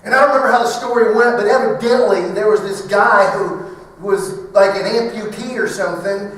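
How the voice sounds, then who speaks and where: A middle-aged man speaking at a banquet, telling a funny personal story in an animated way and acting out the voices. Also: sits high, fairly quick, a little hiss or hum. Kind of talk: humorous storytelling talk. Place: large banquet hall. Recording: echoey hall from far off.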